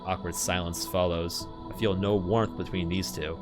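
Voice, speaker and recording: A low-voiced man streamer reads a visual novel aloud, narrating in an earnest, anxious manner. Faint music plays underneath. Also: level tone, normal speed, hardly any pauses.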